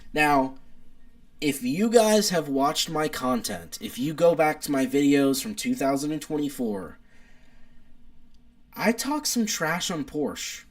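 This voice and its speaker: Casting: young male streamer, gravelly and lively, rambling casual chat. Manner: animated, rambling car enthusiast, wide pitch swings. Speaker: live streamer.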